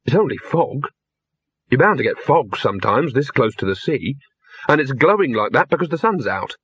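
A man voicing a nervous young man who tries to sound calm. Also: mid-range voice, moderate pace, husky, dry recording, exaggerated voice. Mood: panicky. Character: jittery young man in fog. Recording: dull lo-fi.

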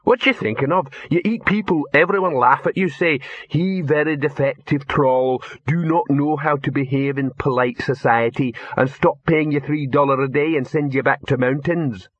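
A man voicing a big, brutish male troll leader who speaks slow, broken English in a commanding way. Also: on the high side, slightly rough, no room sound, lo-fi sound, voice pushed up. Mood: scolding.

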